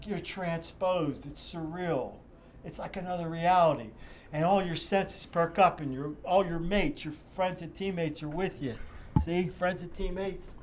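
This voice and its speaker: A man's voice: fairly high pitch, measured pace, slight background noise. Older man telling stories. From Pittsburgh area. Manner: vivid, rambling reminiscence with restarts. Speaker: interview guest, charity executive director. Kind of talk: animated storytelling in an interview.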